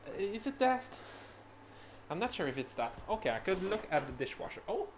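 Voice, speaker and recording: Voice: medium pitch, very animated, fairly quick, slight background noise. A podcast host talking casually while cooking at home, rambling, laughing and swearing through each step. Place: home kitchen.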